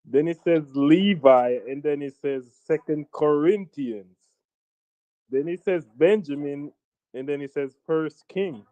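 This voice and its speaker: A man's voice: on the high side, measured pace, mellow, no room sound, lo-fi sound. A man from Jamaica with a Jamaican accent, arguing insistently in a heated debate and talking over the other side. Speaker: debate participant.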